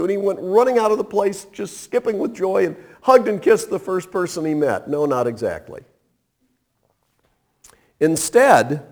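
A man preaching a sermon, retelling a parable with animated storytelling and acted-out voices. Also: high-pitched. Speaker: pastor.

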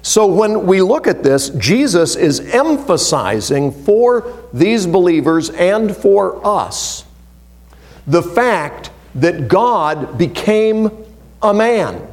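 A man preaching a sermon in a fairly high voice whose pitch leaps and dips all the time. He reads scripture with emphasis and drops into hushed, low asides between stressed phrases. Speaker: pastor.

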